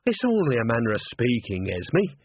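A man voicing a cheerful old countrywoman who talks in a sing-song, coaxing, drawn-out way. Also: mid-range voice, wildly swooping pitch, breathy edge, no echo. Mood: hurt. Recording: dry, tinny phone-like sound.

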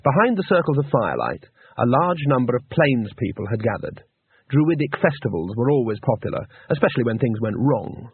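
A man reading a story aloud in a dry, measured storytelling manner. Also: mid-range voice, big pitch swings, husky, dry recording. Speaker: narrator. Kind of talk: audiobook narration. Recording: tinny narrow-band recording.

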